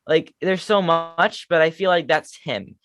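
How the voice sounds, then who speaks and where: A man's voice: fairly high pitch, unhurried, a bit bright, soft background music. A man co-hosting a casual fan podcast, chatting enthusiastically and poking fun at himself. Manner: enthusiastic fan talk, self-deprecating. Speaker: podcast co-host. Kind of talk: casual chat.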